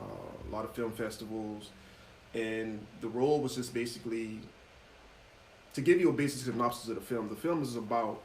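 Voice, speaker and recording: A man's voice: fairly low pitch, roomy sound, a little hiss or hum, poor audio. A man, a guest actor and author, talks casually in an interview and tells stories with many fillers. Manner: relaxed, storytelling, many fillers.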